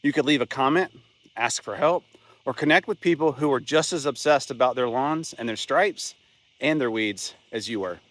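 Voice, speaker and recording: A man's voice: mid-range voice, normal speed, fairly bright tone, no room sound. A man narrating a scripted video essay in a plain, conversational way, with an occasional aside. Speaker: channel host.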